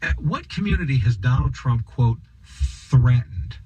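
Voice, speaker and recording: A man delivers a political opinion monologue in a husky voice at an ordinary middle pitch. He is sarcastic and emphatic, stacking rhetorical questions and repeated lines. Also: expressive, moderate pace, a little mellow, low-quality recording. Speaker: political commentator.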